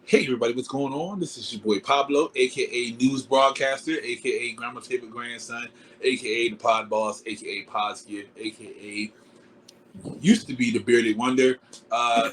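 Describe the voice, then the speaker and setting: A man with a Baltimore accent, a guest on a podcast, joking around in a relaxed, playful way. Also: medium pitch, normal speed, a little hiss or hum. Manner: playful, joking, laid-back. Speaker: podcast guest, media group CEO. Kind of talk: casual chat.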